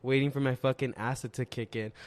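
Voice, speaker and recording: Guy on a podcast ranting about stuff, swears a ton, super animated, mid pitch. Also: fast talker. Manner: profane, animated storytelling. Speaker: podcast co-host. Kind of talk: casual podcast chat.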